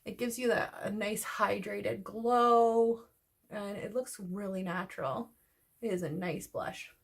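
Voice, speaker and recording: A woman's voice: mid-range voice, slow, vocal fry. A woman chatting casually as she does her makeup, rambling and a little out of breath. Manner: chatty, rambling, talks while doing makeup. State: slightly out of breath. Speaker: beauty vlogger. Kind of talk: casual get-ready-with-me chat.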